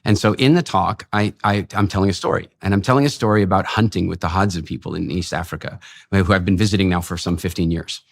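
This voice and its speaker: A man in a conversational interview, telling lively stories and acting out the lines of people in them. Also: low-pitched, fast talker, creaky, dry recording. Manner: animated storyteller acting out quoted dialogue. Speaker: guest speaker and lecturer.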